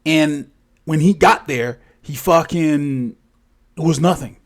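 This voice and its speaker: Man, casual storyteller, swears a lot, rambling, corrects himself, fairly high voice. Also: slow. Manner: profane, rambling, self-correcting.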